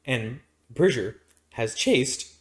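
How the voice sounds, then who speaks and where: A man from Arizona who co-hosts a podcast, spinning a long anecdote in casual chat. His voice sits at an ordinary middle pitch, and he rambles along with plenty of restarts and fillers. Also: slow. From Arizona, United States. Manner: rambling, animated storyteller with many restarts and fillers. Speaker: podcast co-host.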